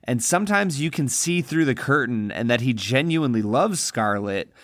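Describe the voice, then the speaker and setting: A man co-hosting a film podcast, talking in an animated, emphatic and indignant way. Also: mid-range voice, normal speed, no echo, clean studio sound. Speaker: podcast co-host. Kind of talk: casual film discussion.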